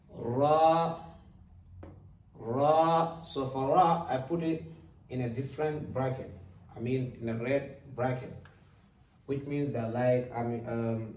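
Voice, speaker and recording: A man teaching an Arabic lesson, patiently drilling each letter sound with slow repetition. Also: medium pitch, mellow, far from the mic. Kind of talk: recorded lesson. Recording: echoey room, voice set back from the mic.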